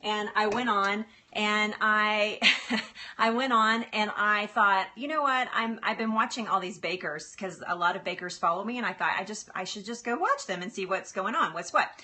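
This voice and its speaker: A woman's voice: medium pitch, moderate pace, bright, forceful tone. A woman hosting a casual cooking livestream in a home kitchen, chatty and laughing often as she talks to viewers by name.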